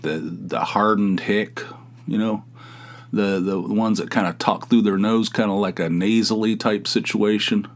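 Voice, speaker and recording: A man in his forties from West Virginia, hosting a casual solo podcast and rambling with restarts and sighs. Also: fairly low pitch. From southern West Virginia, US. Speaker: podcast host.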